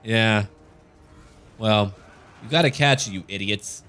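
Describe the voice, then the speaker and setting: Low-voiced man making dry game commentary. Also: expressive, moderate pace, fairly bright tone, faint music behind. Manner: dry, joking asides. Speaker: gaming channel host. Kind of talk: gameplay commentary.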